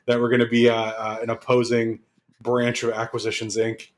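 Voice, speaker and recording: A man's voice: medium pitch, completely flat delivery, moderate pace. Hesitant man co-hosting a podcast. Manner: hesitant, many filler words. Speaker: podcast co-host. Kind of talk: casual chat.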